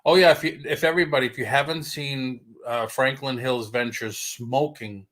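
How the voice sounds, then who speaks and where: A man's voice: medium pitch, fairly even intonation, moderate pace, fairly bright tone. A man hosting a casual livestream chat, joking around and reading viewer comments aloud as he talks. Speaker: livestream host. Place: home livestream.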